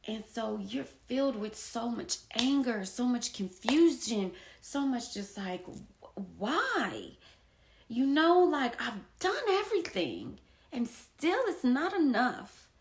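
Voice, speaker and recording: A young adult woman talking casually and from the heart to her viewers, slow and reflective, with soft whispered asides. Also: a little high, big pitch swings. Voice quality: gravelly vocal fry. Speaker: poet and painter sharing her story. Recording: echoey room.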